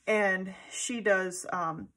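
A woman's voice: mid-range voice, fairly even intonation, very slow, a bit bright. A woman vlogger in casual chat, gushing and rambling with many fillers and tangents. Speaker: planner vlogger.

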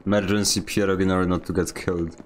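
A man's voice: low-pitched, level tone, fast, soft background music. A man chatting casually while streaming a game, teasing his teammates. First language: Polish. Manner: teasing, playful. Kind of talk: casual gaming chat.

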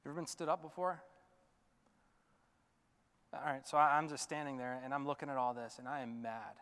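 An animated male pastor tells a story to his congregation in a casual, filler-heavy way. His voice is high, bright and crisp. It rings out with a long reverb from a church sanctuary. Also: a little fast. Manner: animated, chatty, many fillers. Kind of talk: storytelling sermon.

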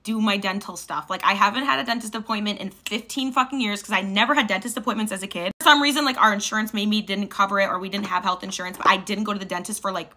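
Fast, bright-voiced young woman telling a story. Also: mid-range voice. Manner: animated, heavy use of "like". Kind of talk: casual storytime chat.

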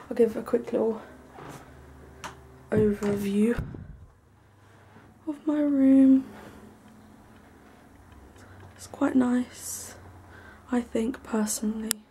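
A young woman giving a casual, rambling tour of her small bedroom, full of ums and likes, sometimes hushed. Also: fairly high pitch, takes it slowly, pauses often, slight background noise. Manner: hushed at times so as not to wake her brother. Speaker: vlogger. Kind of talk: casual room tour vlog.

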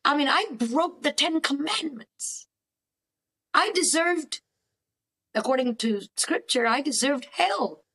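High-voiced animated woman therapist. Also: slow. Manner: animated, emphatic, acts out quoted dialogues. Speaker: cognitive therapist, podcast guest. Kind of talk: faith-based counselling conversation.

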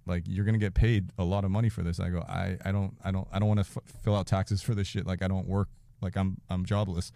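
A man in his forties telling a story in casual chat as a podcast guest, animated and profane, laughing often and acting out quotes. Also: sits low, fast, creaky, dry recording.

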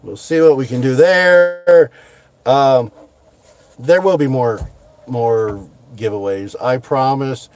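A middle-aged American man closing his window cleaning vlog with heartfelt thanks, talking slowly with many fillers and restarts. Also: medium pitch, a little mellow. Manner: heartfelt, slow and halting with fillers. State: choked up. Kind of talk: casual vlog sign-off.

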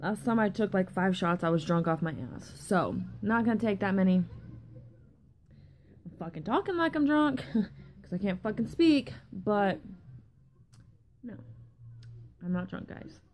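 A young woman rambles casually in a vlog, sleep-deprived, swearing often and losing her train of thought. Her medium-pitched, slightly mellow voice has lively intonation, moves unhurriedly with frequent pauses, and carries a little hiss or hum.

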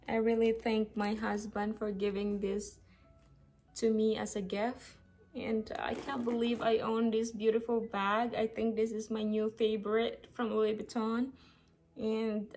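Slow, gushing woman unboxing on a vlog. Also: a little high, slight background noise. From Philippines. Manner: gushing, excited exclamations. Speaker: vlogger.

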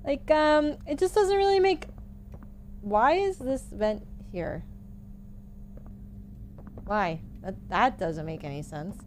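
A woman's voice: on the high side, animated, takes it slowly, long pauses, a little hiss or hum. A young woman streamer casually commenting while playing a game, gushing and easily startled. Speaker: gaming streamer. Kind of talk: casual let's-play commentary.

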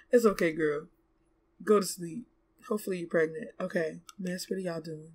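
A young woman giving casual let's play commentary, chatty and exclamatory, bossing her game characters around out loud and gasping and laughing easily. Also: mid-range voice, expressive, husky. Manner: chatty, scolds and coaxes the game characters aloud; exclamatory, quick to gasp and laugh. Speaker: gaming YouTuber.

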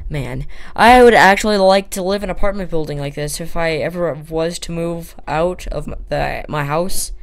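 Gravelly, rambling gamer talking while building. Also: medium pitch, moderate pace, few pauses, no echo. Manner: rambling, filler-heavy self-talk while building. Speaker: Minecraft let's player. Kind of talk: casual gameplay commentary.

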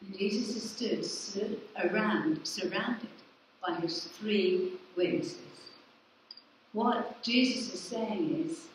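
A woman vicar delivers a sermon in a large church hall, posing questions to the congregation and answering them herself. Her voice is medium-pitched and slow, with a faint hiss or hum. The mic sits far from her, so the church's echo is strong.

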